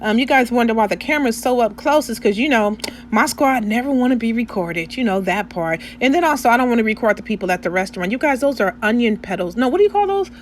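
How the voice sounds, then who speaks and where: A woman's voice: on the high side, animated, fast talker, a little hiss or hum. Chatty woman telling a story. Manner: chatty, checks in with listeners. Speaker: vlogger. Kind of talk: casual storytelling voiceover. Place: indoors, recorded separately from the restaurant footage.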